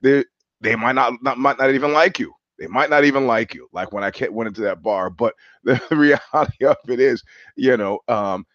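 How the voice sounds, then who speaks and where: On a headset mic, a man with a medium-pitched, slightly bright voice hosts a live-streamed solo monologue at a moderate pace. The lo-fi stream audio sounds dull and dry. He rambles wryly and often makes fun of himself.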